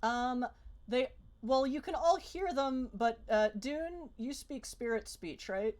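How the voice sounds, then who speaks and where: A woman's voice: high-pitched, lively intonation, takes it slowly, darkish tone. A woman narrating as game master of a tabletop role-playing game, rambling with many fillers and restarts.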